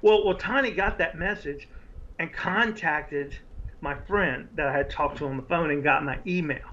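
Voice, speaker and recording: Earnest storytelling man, slightly high voice. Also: moderate pace, lo-fi sound. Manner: animated, earnest storytelling with restarts. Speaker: author guest. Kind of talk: conversational interview storytelling.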